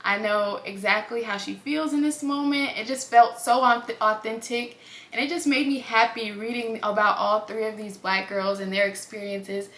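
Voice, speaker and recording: A woman's voice: medium pitch, fairly even intonation, moderate pace, fairly bright tone. A woman talking casually to camera as a book vlogger, chatty and effusive, calling her viewers y'all. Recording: roomy echo.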